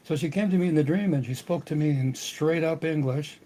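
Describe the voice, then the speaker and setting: An older man telling a personal family story earnestly, with halting restarts. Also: a little high, dark tone, low-quality recording. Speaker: podcast host.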